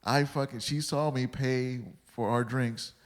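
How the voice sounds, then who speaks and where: A man's voice: mid-range voice, fairly even intonation, measured pace, long reverb tail. A man guesting on a podcast, telling rambling stories full of swearing and acted-out quotes. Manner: rambling, swears freely, acts out quoted dialogue. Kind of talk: casual storytelling chat.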